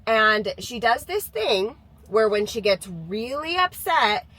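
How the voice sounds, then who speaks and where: A woman's voice: fairly high pitch, very animated, slow pace, sharp tone, low-quality recording. A woman in her thirties, a mother chatting candidly to camera about parenting, laughing now and then as she talks. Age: 30s. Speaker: mom sharing parenting views. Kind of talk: casual talking-to-camera vlog.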